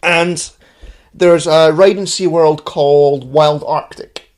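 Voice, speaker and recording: A man's voice: on the high side, fairly even intonation, slow pace, darkish tone. A man co-hosting a casual film podcast who swears a lot and goes off on tangents. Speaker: podcast co-host. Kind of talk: casual chat.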